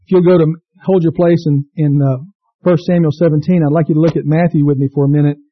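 Male pastor, high voice, impassioned sermon delivery, muffled dry recording. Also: steady tone, fast, no room sound. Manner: impassioned preaching, rising to cries; reads scripture aloud to the congregation.

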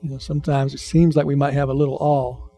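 A man's voice: medium pitch, level tone, fast talker, warm tone. A man preaching a sermon as pastor, conversational, repeating phrases and questioning the congregation.

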